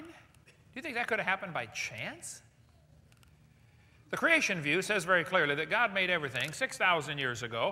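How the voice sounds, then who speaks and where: A man giving a lecture to a live audience in a large hall, animated and jokey, firing rhetorical questions at the crowd. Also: on the high side. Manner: jokey asides. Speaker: seminar speaker. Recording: long hall reverb.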